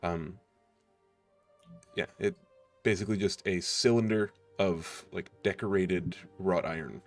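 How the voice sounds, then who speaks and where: A man's voice: low voice, steady tone, a little slow, long pauses, soft background music. A man, game master of a tabletop game, hesitantly describing the scene with many fillers.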